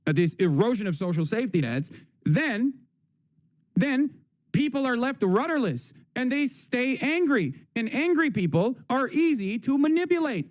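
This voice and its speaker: A man's voice: very high voice, sing-song, normal speed, no echo, studio quality. A man hosting a livestream, giving profane, combative and sarcastic political commentary. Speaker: livestream host.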